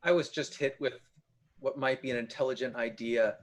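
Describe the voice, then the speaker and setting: A man's voice: mid-range voice, normal speed. A man playing a tabletop game, joking and thinking aloud. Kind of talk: casual chat.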